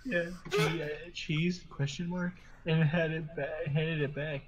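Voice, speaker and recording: A man's voice: a little high, steady tone, measured pace, highs cut off, background noise. A man hosting a podcast, reading silly stories aloud to friends and often breaking into laughter as he stumbles through them. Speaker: podcast host.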